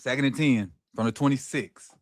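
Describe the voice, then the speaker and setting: Excitable man calling a football game. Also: medium pitch, normal speed. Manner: excited, animated play-by-play reactions with Southern slang. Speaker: watch party host. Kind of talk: live football watch-along commentary.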